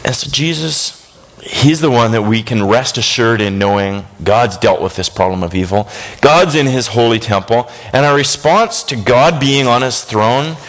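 A man preaching a sermon, swinging between high excited bursts and low hushed tones. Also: normal speed.

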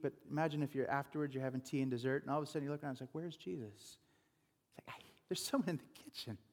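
A man's voice: on the high side, darkish tone, long reverb tail. A male pastor giving an informal, chatty sermon with conversational asides.

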